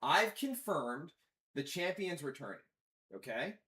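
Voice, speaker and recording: A man's voice: on the high side, very animated, a little slow, sharp tone, roomy sound. A man hosting a podcast, chatting crudely and acting out quotes in other voices. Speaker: podcast host. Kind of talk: casual crude banter. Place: studio room.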